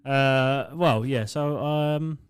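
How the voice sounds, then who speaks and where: A man's voice: mid-range voice, drawn-out words, smooth. A young man with an Essex accent co-hosting a podcast, talking in a blunt, offhand way with plenty of swearing. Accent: Essex English. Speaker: podcast co-host. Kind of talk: casual chat.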